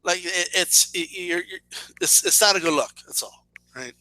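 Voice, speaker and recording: A man's voice: high voice, normal speed, bright, forceful tone, soft background music. A man in his thirties ranting in a casual video, sarcastic and profane, often stumbling over and repeating words as he gets worked up. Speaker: boxing and wrestling commentator.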